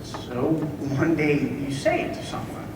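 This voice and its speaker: A wistful musical fan who rambles in halting asides, played by a man on a school stage. His pitch swings widely. He is recorded from far off in an echoey auditorium with steady noise. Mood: musing. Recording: echoey hall from far off, noisy.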